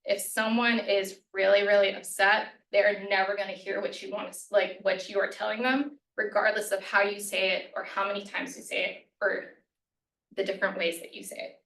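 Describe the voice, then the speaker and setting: A woman's voice: mid-range voice, flat delivery, normal speed, gravelly, fairly bright tone. A woman leading a workshop as a lunch-and-learn presentation, conversational, with frequent "right?" and "um", acting out sample phrases. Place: college meeting room. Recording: echoey room, voice a bit far from the mic.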